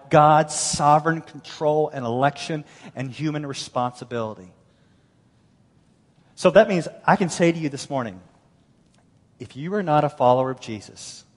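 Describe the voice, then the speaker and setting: Middle-aged man, pastor delivering a lively, storytelling sermon, slightly high voice, long hall reverb. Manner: animated, storytelling, acts out quoted voices. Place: large church hall.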